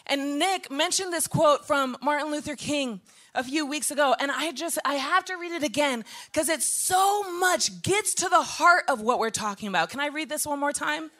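A woman pastor preaching a sermon, animated and laughing at times, building to shouted passages. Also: high voice.

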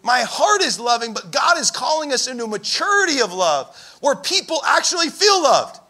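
A young man preaching a sermon, telling stories in an animated way and raising his voice for emphasis. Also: very high-pitched, normal speed. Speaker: pastor.

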